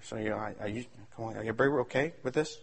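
A male pastor preaching a sermon, swinging between shouted excitement and hushed asides. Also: on the low side, fast talker, creaky, breathy edge.

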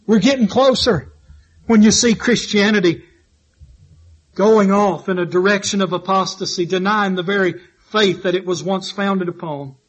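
Man, preacher, high voice, fervent sermon, repeats for emphasis, church. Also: moderate pace. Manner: fervent, repetitive exhortation with rising and falling emphasis.

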